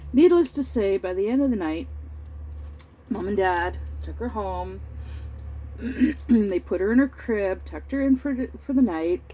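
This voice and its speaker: A middle-aged woman telling a family story in a rambling, halting way, clearing her throat often and sounding over-tired. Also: medium pitch, lively intonation, mellow, rough recording. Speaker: crafting vlogger. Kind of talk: casual storytelling while crafting.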